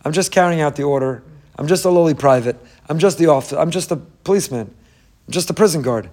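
A man voicing a nervous low-ranking male prison guard who stammers and insists he only follows orders. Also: expressive, fast talker, darkish tone. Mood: defensive.

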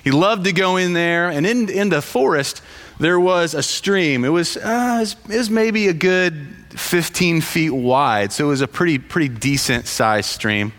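A man telling a parable in casual storytelling, halting with frequent fillers and restarts. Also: on the high side, expressive, fairly bright tone. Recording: long hall reverb.

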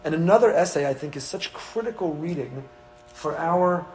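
A man's voice: a little high, animated, moderate pace, slight background noise, rough recording. A man, a rabbi giving a Torah class to his congregation, mixing Hebrew terms into English.

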